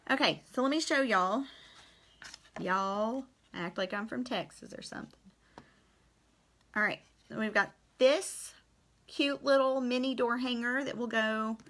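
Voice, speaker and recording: Chatty painting teacher lady, bright forceful voice, kinda high, friendly y'all talk. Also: slight background noise. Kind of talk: live-streamed painting demo.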